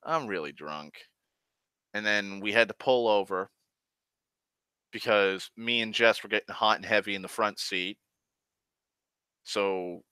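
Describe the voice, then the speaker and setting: A man's voice: lowish voice, bright, forceful tone, smooth, no room sound. A young man telling a long personal story in casual talk, swearing often and backtracking to correct himself. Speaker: host.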